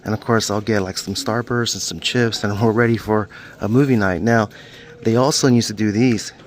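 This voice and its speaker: A man's voice: lowish voice, fairly even intonation, normal speed, a little hiss or hum. A middle-aged man, casually vlogging his way through a video rental store and joking about himself in the third person. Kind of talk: casual vlog walkthrough.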